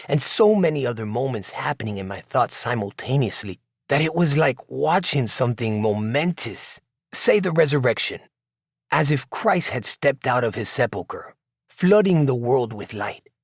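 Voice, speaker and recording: A man narrating a novel in the first person, in a reflective, measured way. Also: mid-range voice, expressive, no echo, clean studio sound. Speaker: audiobook narrator. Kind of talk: scripted narration.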